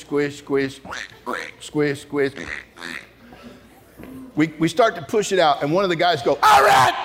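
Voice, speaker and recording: A man preaching a storytelling sermon to a large audience, animated and comic, rising to shouts at the high points. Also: noisy background. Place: large church auditorium before an audience.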